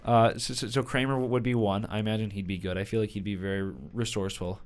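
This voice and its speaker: A young man hosting a college radio podcast, chatting casually, laughing often and telling stories with rising excitement. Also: on the low side, fast talker, clear, resonant tone. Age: young adult. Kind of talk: casual interview chat.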